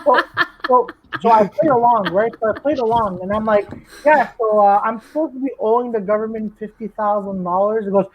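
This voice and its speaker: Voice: medium pitch, highs cut off, a little hiss or hum. A speaker telling a story in a casual chat, stumbling over repeated words and fillers. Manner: halting, many fillers and repeats. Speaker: podcast co-host.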